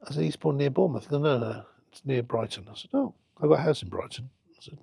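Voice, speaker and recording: Talking fast in a creaky, slightly rough mid-range voice with no echo, a middle-aged man who owns a football club shares anecdotes in a relaxed interview. He performs the quoted exchanges as he recalls them.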